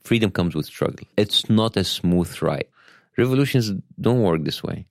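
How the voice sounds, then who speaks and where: A middle-aged man with an Egyptian Arabic accent, a satirist guest talking in a wry, self-deprecating way with thoughtful pauses. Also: on the low side, lively intonation, vocal fry, no room sound, studio quality. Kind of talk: conversational interview.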